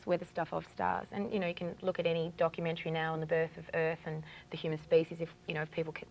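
A woman's voice: low-pitched, vocal fry, slight background noise, poor audio. A woman with an Australian accent, a guest in a casual TV interview, explaining ritual objects in a chatty, eager way with many fillers.

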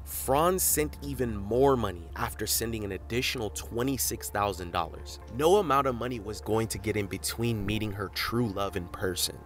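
Measured male narrator over music. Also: fairly low pitch, a bit bright. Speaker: documentary narrator. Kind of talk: scripted narration.

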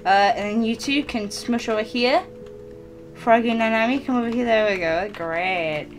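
A woman's voice: a little high, moderate pace, soft background music. A woman voicing her character in casual Minecraft role-play, playful and often giggling between lines. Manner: giggly, playful, often laughing mid-sentence. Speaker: lead voice actor and player.

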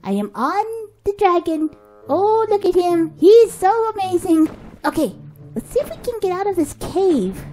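A woman giving excitable let's-play commentary, gasping and cooing at her pet as she narrates her play. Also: extremely high pitch, unhurried, soft background music. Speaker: game video creator.

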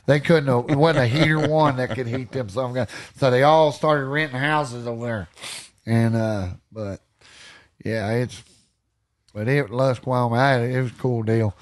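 A man with a Texan accent, a podcast guest telling animated stories with folksy country slang and frequent laughter. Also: mid-range voice, a little slow. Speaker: podcast guest, hunting storyteller. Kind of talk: casual storytelling.

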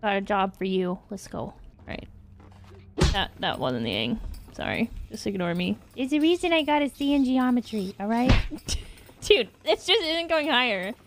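A woman's voice: a little high, very animated, normal speed, noisy background. A young woman streaming a game, talking to herself and her chat, swearing and shrieking in sudden bursts. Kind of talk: casual gaming commentary.

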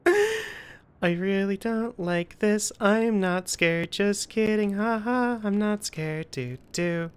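A woman's voice: medium pitch, takes it slowly, hardly any pauses, clear, resonant tone. A young woman giving nervous, joking commentary while playing a horror game, often repeating herself. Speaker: gaming video creator.

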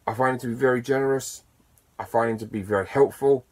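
A man talking casually to camera as a YouTuber, chatty and enthusiastic, with bursts of excitement and self-deprecating asides. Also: medium pitch, fast. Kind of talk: casual to-camera vlog talk.

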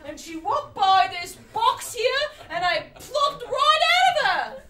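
A woman doing live character comedy as an earnest, odd young man raised in a hat donation box, talking loud and insistent. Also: very high-pitched, big pitch swings, takes it slowly, heavily acted. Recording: roomy stage sound from far off, noisy.

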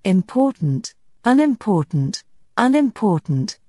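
A woman's voice: mid-range voice, big pitch swings, slow pace, mellow, no echo, studio quality. A woman reading a fussy, anxious storybook king. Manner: grave, hesitant.

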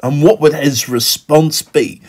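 A man's voice: fairly high pitch, steady tone, unhurried, darkish tone. A middle-aged male pastor giving an earnest devotional reflection on a Bible story, with the occasional filler between phrases. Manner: earnest, acts out quoted voices.

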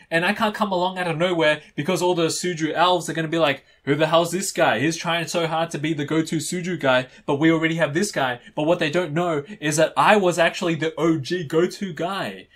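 A man's voice: a little high, a bit bright. A young man hosting a reaction channel, chatting casually to camera and teasing his viewers in a mock-dramatic way. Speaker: YouTube reaction channel host.

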